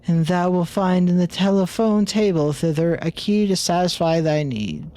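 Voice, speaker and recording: A man's voice: high voice, normal speed, dark tone, voice pushed up, lightly acted. A man voicing an old-timey man who speaks in stiff, pompous, archaic English in a game.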